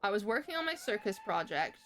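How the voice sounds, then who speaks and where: A young woman streamer telling a story in casual chat, swearing freely and jumping sharply in pitch. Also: very animated, fairly quick, fairly bright tone, slight background noise.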